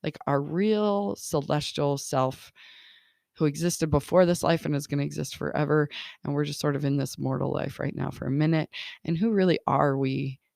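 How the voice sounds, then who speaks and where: A woman's voice: low-pitched, normal speed, creaky, darkish tone, no room sound, studio quality. A woman in her thirties, a life coach hosting a casual podcast monologue, encouraging and laughing often, with lots of "like" and "right?".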